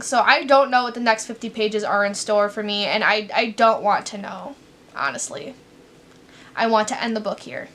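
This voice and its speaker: A woman's voice: on the high side, quick pace, bright, forceful tone. A young woman from Chicago chatting casually in a book vlog, rambling and filling her talk with "like", teary at times. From Chicago, USA. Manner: rambling, frequent fillers like "like". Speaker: book vlogger.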